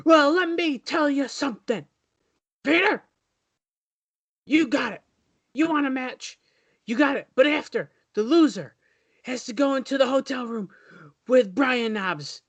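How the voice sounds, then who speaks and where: A man putting on a brash wrestler's promo voice with a shouty, strutting delivery. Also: very high voice, a little slow, long pauses, no room sound, pitched above the performer's own voice, exaggerated voice. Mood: boastful.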